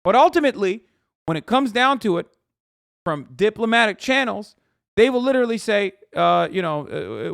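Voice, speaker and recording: A man's voice: high voice, very animated, moderate pace, creaky, a bit bright, dry recording. Man, 30s, live streamer, casual ranting commentary, sarcastic, lots of swearing, dry close mic.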